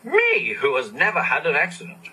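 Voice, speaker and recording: A man's voice: medium pitch, big pitch swings, measured pace, bright, forceful tone, husky, heavily acted, rough recording. A man voicing a proud, grumpy large male steam engine in a storybook, talking pompously and huffily. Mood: huffy. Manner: pompous, huffy.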